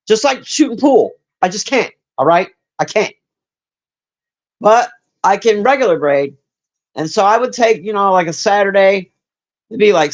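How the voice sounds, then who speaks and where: High-voiced man, profane rambling streamer. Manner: profane, rambling, with many fillers; talks straight to chat by name. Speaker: streamer chatting with viewers. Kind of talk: casual chat.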